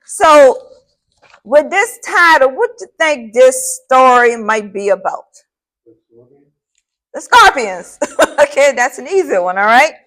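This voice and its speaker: A woman's voice: sits high, fairly bright tone. A woman teacher talking to her class before reading a short story aloud, upbeat and often checking in with students.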